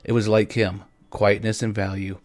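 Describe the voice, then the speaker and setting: Man reading a story out loud, gentle, kinda low voice, dry close sound. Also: little pitch movement, moderate pace, dry recording. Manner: gentle, addresses listeners directly. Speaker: reader. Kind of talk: storytelling narration.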